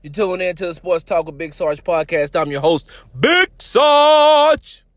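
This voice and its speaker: Joking high-voiced male sports podcast host. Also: fairly even intonation, fairly quick, dry recording. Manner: joking, playful storyteller who acts out quotes. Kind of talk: casual sports talk podcast.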